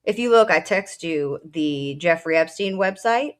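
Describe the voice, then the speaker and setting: A woman's voice: fairly low pitch, lively intonation, a little slow. A woman who is a military veteran, co-hosting a casual political talk show, speaking bluntly and with feeling, full of fillers and profanity. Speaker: co-host.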